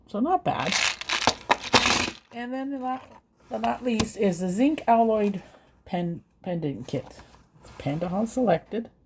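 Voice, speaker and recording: A woman's voice: fairly high pitch, animated, takes it slowly, long pauses, background noise. A woman vlogger chatting casually and hesitantly as she unboxes and reviews craft supplies. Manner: chatty, hesitant, with fillers and self-corrections.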